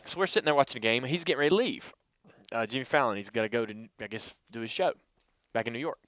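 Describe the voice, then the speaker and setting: A man hosting a podcast, telling stories in a relaxed, rambling way. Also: mid-range voice, very fast, no echo. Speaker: podcast host. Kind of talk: casual podcast storytelling.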